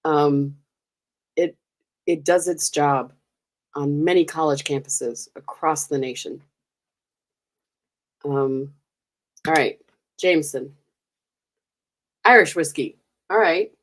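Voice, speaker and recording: A woman's voice: deep voice, takes it slowly, long pauses. An American woman hosting a live stream, chatting casually with viewers, giggling and teasing them. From United States. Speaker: livestream host.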